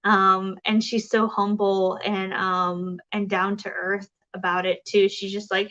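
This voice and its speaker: A woman's voice: mid-range voice, level tone, slow pace, pushed and bright, lo-fi sound. A woman hosting a casual crafting livestream, chatting and reading viewer comments, rambling with many fillers and restarts.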